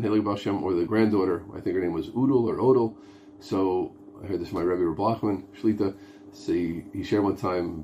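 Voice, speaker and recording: A man's voice: on the low side, darkish tone, slight background noise. A man teaching an informal lesson on prayer as a rabbi, earnest, his English full of Hebrew and Yiddish terms. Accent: Hebrew and Yiddish words in English speech. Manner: earnest, mixes Hebrew and Yiddish terms, acts out pleading voices.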